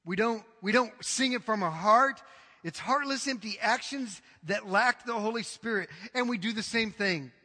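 A man's voice: sits high, normal speed, pushed and bright. A man preaching a sermon as pastor, emphatic and dramatic, often acting out quotes. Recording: reverberant hall.

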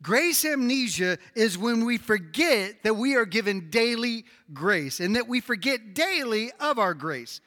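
A man preaching a sermon as a pastor, in a lively conversational way with frequent repetitions. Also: high voice, measured pace, hardly any pauses. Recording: long reverb of a large hall.

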